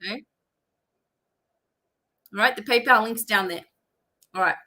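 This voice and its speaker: A woman's voice: mid-range voice, unhurried, bright, forceful tone. A woman hosting a live-stream psychic reading, chatty and instructive, with many fillers. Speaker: psychic reader.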